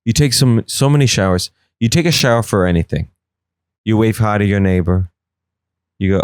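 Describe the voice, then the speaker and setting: A young man hosting a podcast, telling comic stories in an animated way. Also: fairly low pitch, a little fast, no room sound, studio quality. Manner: animated, swings into silly voices. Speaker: podcast host. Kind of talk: comedic storytelling.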